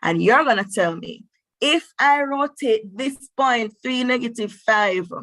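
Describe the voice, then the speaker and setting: A woman teacher leads an online maths class in an encouraging way, pausing to think aloud with long hmms. She speaks at a middle pitch, and the sound is close and dry with no room echo. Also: a bit bright. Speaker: mathematics teacher.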